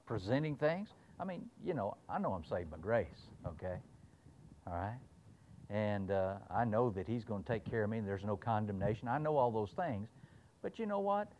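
A man's voice: fairly low pitch, lively intonation, normal speed, darkish tone, lo-fi sound, a little hiss or hum. A man preaching a folksy, emphatic sermon, reading scripture aloud and voicing God in playful asides.

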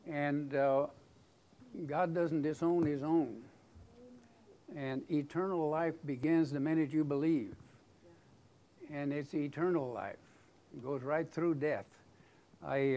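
Preacher, man, folksy conversational sermon delivery, slightly higher pitch, mellow tone. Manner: conversational, folksy, with frequent fillers and restarts.

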